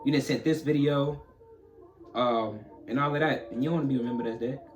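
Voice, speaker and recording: A young man in a relaxed podcast chat, his voice sitting in an ordinary middle register. He jokes around and laughs easily between his points, and soft music plays faintly behind him. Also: mid-range voice, brisk. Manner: laughs often, loose and joking. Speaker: podcast co-host. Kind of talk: casual chat.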